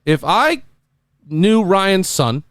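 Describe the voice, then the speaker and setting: A man hosting a casual podcast chat, animated and telling scenes through acted-out voices. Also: high voice, extremely slow, clear, resonant tone, no echo, clean studio sound.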